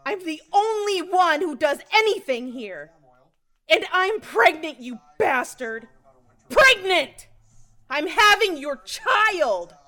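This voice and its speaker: Woman voicing a scornful pregnant wife, high, swinging voice, slow and cutting. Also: big pitch swings, exaggerated voice. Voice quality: sharp contemptuous. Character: pregnant young wife, bitter and fed up.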